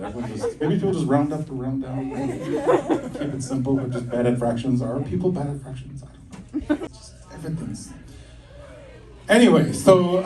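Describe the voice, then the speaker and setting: A middle-aged man from the United States doing stand-up, telling self-mocking stories and acting out quick voices. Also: medium pitch, warm tone. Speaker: stand-up comedian. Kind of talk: live stand-up comedy. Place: stage at a campus comedy show. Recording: distant live stage recording with audience laughter. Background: audience laughing.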